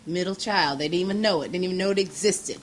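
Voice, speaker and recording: A woman with a fairly low voice hosts a local TV chat with students. She is effusive and teasing, and she laughs often. There is a faint hiss behind her. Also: fast. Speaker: TV host interviewing students. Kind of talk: upbeat local TV interview.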